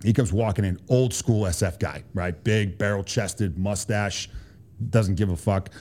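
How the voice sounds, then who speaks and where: A man's voice: on the low side, measured pace, warm tone. A man with a Boston accent, a guest on an interview podcast, telling stories casually and animatedly, swearing freely and tagging lines with "right?". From Boston, USA. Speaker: podcast guest, Army Special Forces officer.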